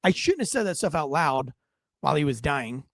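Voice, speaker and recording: A man's voice: fairly high pitch, sing-song, normal speed, no room sound, studio quality. A middle-aged man, a former police officer, giving blunt, profane and indignant video commentary.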